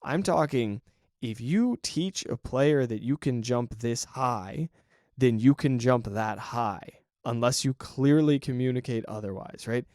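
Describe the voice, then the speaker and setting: A man's voice: medium pitch, measured pace, darkish tone, no room sound, studio quality. A man hosting a solo podcast, talking casually and acting out quoted voices, often asking "right?". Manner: conversational, acts out quoted voices, frequent "right?". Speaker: podcast host.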